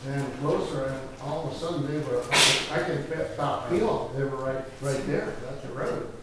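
A man playing a poor old blind beggar, telling his story in the first person with halting repeats and sudden cries. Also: medium pitch, natural voice. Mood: earnest. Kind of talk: first-person dramatic monologue. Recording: echoey hall, distant mic, noisy.

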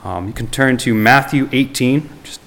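A man's voice: mid-range voice, normal speed, a bit bright. A man preaching a sermon, reading scripture aloud and then talking plainly and earnestly, with frequent ums and restarts, before closing in prayer. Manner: reads scripture aloud in old-fashioned wording.

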